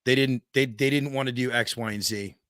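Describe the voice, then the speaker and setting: A man's voice: mid-range voice, steady tone, brisk, fairly bright tone, no echo, clean studio sound. A man hosting a podcast, rambling and hunting for words as he builds up to a question. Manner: rambling, searching for words before asking. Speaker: podcast host. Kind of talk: casual interview talk.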